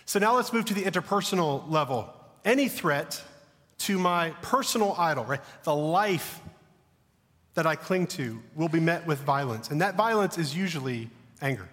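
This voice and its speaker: In a large hall, a man in his thirties with a Southern American accent preaches at a moderate pace, his voice on the high side and animated. The pastor's sermon is conversational and self-deprecating, and he drops to a hush when telling stories.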